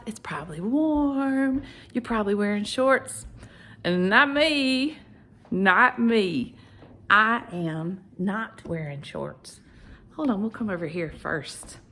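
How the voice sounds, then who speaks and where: A woman teaching a video lesson for young children at home, animated and sing-song, with whispered asides. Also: mid-range voice. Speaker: preschool teacher.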